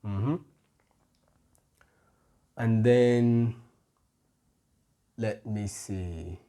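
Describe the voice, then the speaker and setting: A man teaching a grammar lesson, explaining patiently and pausing often with soft "mm-hmm" fillers. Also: lowish voice. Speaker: Spanish tutor.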